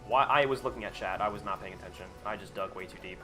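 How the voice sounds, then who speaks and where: A man's voice: fairly low pitch, fast, music in the background. Profane, sarcastic male gaming streamer. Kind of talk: casual live gaming stream chatter.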